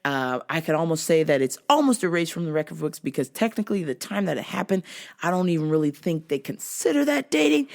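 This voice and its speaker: A woman's voice: low-pitched, sing-song, brisk. A woman hosting a podcast, telling profane, joking stories in a casual comedic monologue and acting out sounds and voices. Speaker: podcast host.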